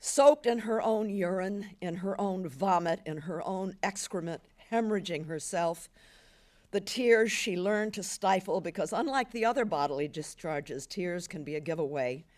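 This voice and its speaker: An older woman in her seventies giving an intense, expressive literary reading at a symposium. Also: fairly low pitch. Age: 70s. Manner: intense, expressive, slowing for weight. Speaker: reader. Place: symposium event.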